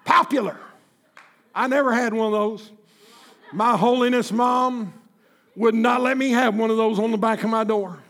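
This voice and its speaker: A pastor in his fifties preaching a sermon in church, impassioned and folksy, with bursts of shouting. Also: extremely high pitch, fairly even intonation, moderate pace, pauses often. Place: church sanctuary.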